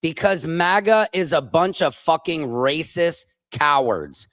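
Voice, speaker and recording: Angry man, comedian host, profane rant, slow deliberate pace, higher voice. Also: animated, a bit bright, no echo. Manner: furious, profane, repeats phrases. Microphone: streaming microphone.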